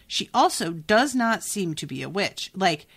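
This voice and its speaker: Lively, exasperated woman podcaster. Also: mid-range voice, a little slow, vocal fry, husky. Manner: animated, exasperated, swears freely. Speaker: podcast host. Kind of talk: casual book reaction chat.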